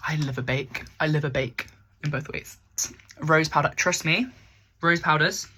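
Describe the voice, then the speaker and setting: A woman's voice: deep voice, moderate pace, noisy background. A young woman, chatting casually through a makeup tutorial in her bedroom, rambling and poking fun at herself. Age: young adult. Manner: rambling, chatty, self-mocking. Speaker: makeup vlogger.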